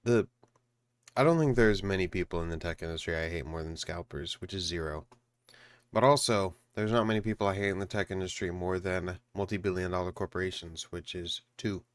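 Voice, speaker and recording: A man's voice: low voice, brisk, no room sound. A man streaming, chatting casually and ranting emphatically while he eats dinner. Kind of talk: casual chat reacting to a video.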